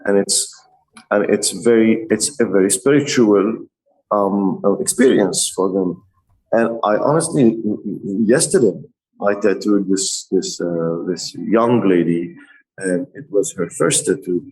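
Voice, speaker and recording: A middle-aged man, a tattoo artist guest on a podcast, telling stories in an animated way and often laughing. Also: lowish voice, a little slow, rough recording. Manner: laughs often, lively retelling. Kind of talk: animated storytelling.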